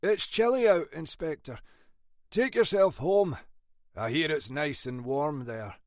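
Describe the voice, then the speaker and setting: Guy doing a sly drunk crook, high taunting voice. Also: measured pace, no echo, studio quality. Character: drunk, nervous heavyset male crook.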